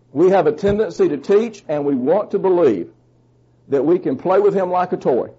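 Male preacher, emphatic sermon delivery, slightly husky high voice. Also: dark tone, highs cut off. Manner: fervent, emphatic, rises in pitch when stressing points; asks the congregation questions.

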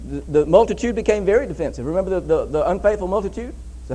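Male preacher, high voice, emphatic sermon delivery with repeated phrases. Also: expressive, quick pace, dark tone, low-quality recording. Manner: emphatic, repeats phrases, reads scripture aloud.

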